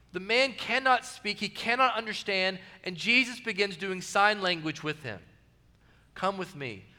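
A male pastor with a bright, high voice delivers a sermon in earnest, repeating his key phrases and dropping soft and low whenever he quotes. His voice rings through a reverberant church hall.

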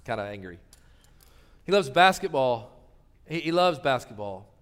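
A man in his thirties preaching a sermon in a large church hall, swinging from loud appeals to soft pleading. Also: mid-range voice, big pitch swings, a little slow. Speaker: pastor. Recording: long hall reverb.

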